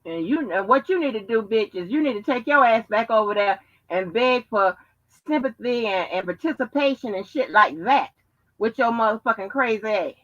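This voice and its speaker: Lively intonation, a moderate pace, and a fairly high pitch mark this woman hosting a live stream. As show host she delivers a brash, profanity-heavy rant full of taunts aimed at listeners, heard through dull lo-fi stream sound.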